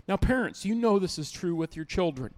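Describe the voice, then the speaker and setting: A man's voice: sits high, animated, a little fast, a little mellow. A man preaching a sermon as pastor, emphatic, repeating key lines and acting out little everyday scenes.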